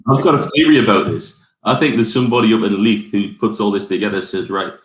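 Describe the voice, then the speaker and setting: A man's voice: fairly low pitch, expressive, fast. A man with a Geordie accent hosting a live whisky tasting, rambling through his tasting notes with plenty of fillers. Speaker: whisky society ambassador. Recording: roomy echo.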